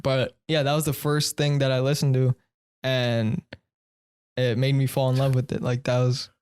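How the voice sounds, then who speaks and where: A laid-back man hosts a relaxed podcast conversation, his voice sitting at an everyday middle pitch. He talks loosely and swears freely, with frequent chuckles woven into his storytelling. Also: moderate pace, clean tone. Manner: loose, profane, chuckles often while telling stories. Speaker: podcast host. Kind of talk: casual chat.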